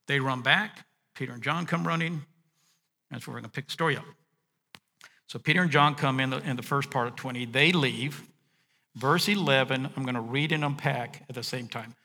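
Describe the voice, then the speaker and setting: A male pastor preaching a sermon, reading and unpacking scripture, dropping to a hush and then rising to emphatic points. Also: medium pitch, big-room sound. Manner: expressive, swinging from hushed to emphatic.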